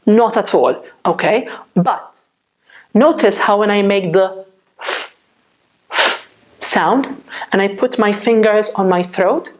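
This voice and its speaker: A woman teaching English pronunciation in a patient, clear classroom manner, checking in with her viewers often. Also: mid-range voice, takes it slowly, long pauses. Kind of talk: slow, clear classroom explanation.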